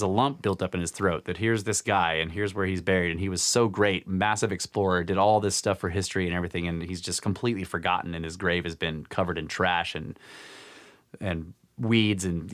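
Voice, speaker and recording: A man co-hosting a podcast, casually retelling a book's story with lots of fillers and acted-out quotes. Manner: animated retelling, acts out quotes with pitch jumps, laughs often. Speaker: podcast co-host retelling a book.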